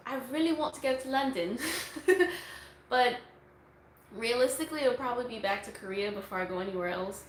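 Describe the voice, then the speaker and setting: A woman's voice: on the high side, normal speed. A young woman chatting casually on a livestream, answering viewer questions in a rambling way with lots of fillers, recorded on a phone. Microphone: phone on a tripod. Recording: echoey room, faint noise.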